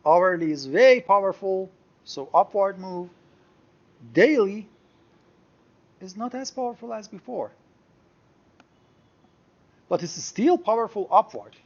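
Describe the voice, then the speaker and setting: A man teaching a software screen-share tutorial, explaining step by step and thinking aloud as he clicks through charts. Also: high voice, animated, slow pace, pauses often, muffled recording. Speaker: trading software instructor.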